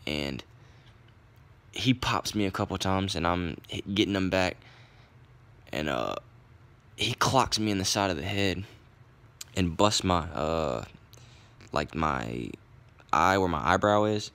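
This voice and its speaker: A young man tells a long story in a rambling, easygoing voice. His voice is very low and deep, and he swears casually as he talks. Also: lively intonation, takes it slowly, pauses often, fairly bright tone. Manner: profane, rambling, laid-back. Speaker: vlogger.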